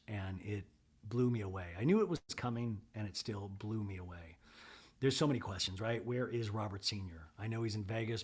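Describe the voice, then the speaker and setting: A man's voice: lowish voice, slightly rough. A man hosting a podcast, talking through a reality TV scene in a casual, earnest way and repeating himself for emphasis. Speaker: podcast host. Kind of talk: casual recap commentary.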